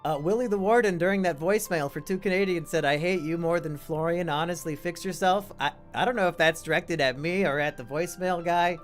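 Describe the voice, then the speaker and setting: A man's voice: on the high side, fairly quick, few pauses, soft background music. A man hosting a stream, reacting to voicemails in a dry, offhand way. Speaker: streamer host. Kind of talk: casual stream commentary.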